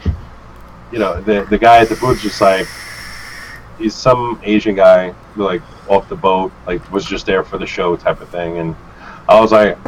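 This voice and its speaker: A man's voice: sits low, steady tone, normal speed, slight background noise, rough recording. A man telling a casual, profane story as a guest on a live stream, acting out his own outbursts. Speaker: guest vape reviewer.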